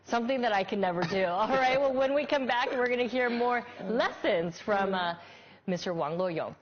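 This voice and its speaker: A woman's voice: fairly high pitch, moderate pace. Woman hosting a TV interview. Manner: friendly, prompting questions. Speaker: TV talk show host. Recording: dull broadcast audio with faint hiss.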